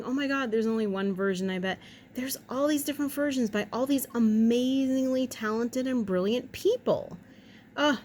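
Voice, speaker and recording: A woman's voice: mid-range voice, slight background noise. A woman vlogger in casual chat, rambling from one tangent to the next with wry jokes and the odd swear word.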